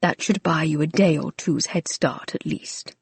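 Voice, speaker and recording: A woman voicing a gruff older male family servant who is stern but fond, speaking in a clipped, dry way. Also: sits low, measured pace, no room sound, heavily acted. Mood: firm.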